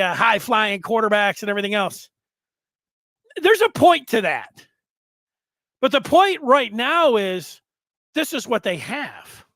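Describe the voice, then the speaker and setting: A man's voice: very high-pitched, bright, forceful tone, no room sound. A man in his fifties hosting a sports podcast, talking in a rambling, conversational way with asides and restarts. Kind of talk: casual sports podcast commentary.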